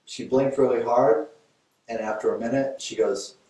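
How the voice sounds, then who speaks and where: Male teacher, conversational storyteller, boomy echoing hall, picked up from a distance. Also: fairly even intonation, moderate pace, dark tone. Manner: conversational, storytelling, fillers and restarts. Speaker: Thai yoga teacher. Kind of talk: informal lecture with a case story. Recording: very echoey room, voice from a distance.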